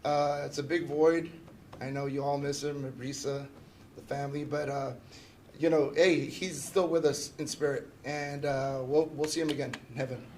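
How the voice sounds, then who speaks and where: Man, slightly higher voice, relaxed memorial tribute, jokey stories, sincere close. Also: moderate pace, slight background noise. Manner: casual, joking anecdotes, warm tribute, often asking "right?". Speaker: fraternal organization member giving a memorial tribute. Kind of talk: personal memorial remarks. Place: memorial gathering at a funeral home.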